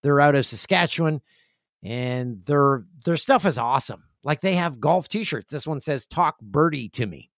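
Podcast host, male, chatty and joking, lively higher voice. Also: normal speed, no echo, studio quality. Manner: chatty, jokey, acts out friends in loud high voices. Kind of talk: casual solo podcast chat. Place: home studio with stairs nearby.

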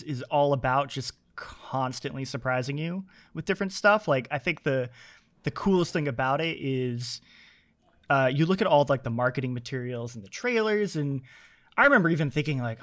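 A man's voice: on the high side, fairly bright tone. A man hosting a podcast, rambling enthusiastically in casual chat. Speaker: podcast host.

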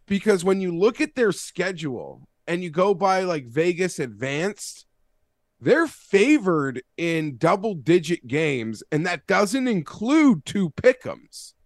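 Easygoing man with a higher voice. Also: very animated, slow pace, dry recording, clean studio sound. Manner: easygoing, hesitant, stumbles over words. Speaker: sports betting co-host. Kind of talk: casual sports betting chat.

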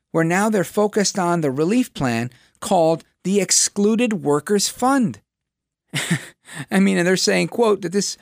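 A man's voice: a little high, no echo, clean studio sound. A man hosting a political talk program, delivering a sarcastic, mocking commentary monologue. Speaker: radio show host.

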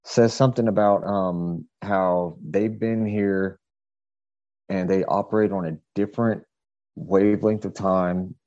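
Deep, dark-voiced man telling a rambling story. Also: fairly even intonation, measured pace, no room sound, highs cut off. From southeastern United States. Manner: rambling, hesitant, many fillers and restarts. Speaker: podcast guest. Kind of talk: casual storytelling.

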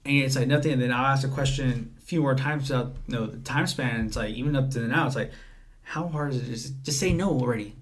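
Young man, 18, podcast guest, rambling casual talk, acts out messages, medium pitch. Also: fast talker. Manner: rambling, acts out text exchanges. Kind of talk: casual chat.

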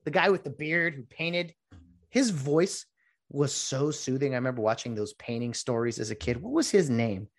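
A man's voice: mid-range voice, animated, moderate pace. A middle-aged man in a casual, rambling monologue, full of jokey asides.

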